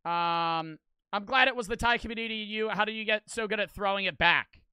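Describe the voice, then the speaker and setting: On a livestream, a man reads donations and chats casually with viewers, swearing freely and speaking a little fast. His high, bright, clear voice is captured close and dry, with no room reverb.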